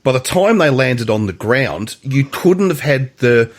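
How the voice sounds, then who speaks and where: A man's voice: mid-range voice, expressive, measured pace. A man hosting a casual movie podcast, chatty and prone to restarting his sentences. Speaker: podcast host. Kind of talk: casual chat.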